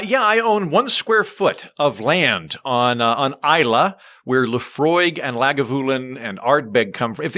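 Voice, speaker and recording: Comedian guy on a podcast, bright voice, animated and jokey, middle pitch. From Oklahoma, USA. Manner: animated, comic, self-deprecating. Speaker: guest, comedian. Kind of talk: casual podcast storytelling.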